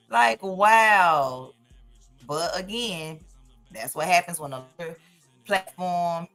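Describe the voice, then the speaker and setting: A woman with a low voice hosts a live stream and comments on clips. She talks straight to her viewers and exclaims as she reacts. Faint music plays under her. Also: fairly bright tone. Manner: addresses viewers directly, exclaims.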